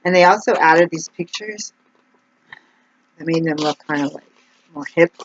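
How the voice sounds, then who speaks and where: This woman vlogger's voice sits low, and she talks at a moderate pace. Her chatty, meandering monologue to camera is packed with "like" and restarts. The audio is dull and lo-fi, with faint noise.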